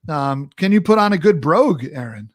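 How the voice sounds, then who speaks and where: A man's voice: a little high, sing-song, brisk, no echo, studio quality. A male talk show host asking questions in an easygoing, laughing way, with many "uh"s and restarts. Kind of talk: casual interview chat.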